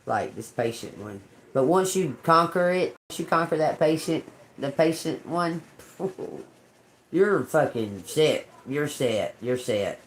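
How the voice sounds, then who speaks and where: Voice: mid-range voice, a little hiss or hum. Swearing, laughing livestream host. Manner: rambling, laughing, heavy swearing. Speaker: tarot reader livestream host. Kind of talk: casual livestream chat.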